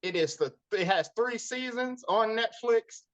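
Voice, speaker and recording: A man's voice: sits high, animated, unhurried, low-quality recording. A man co-hosting a podcast, chatting casually and playfully, often laughing. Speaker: podcast co-host. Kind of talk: casual chat.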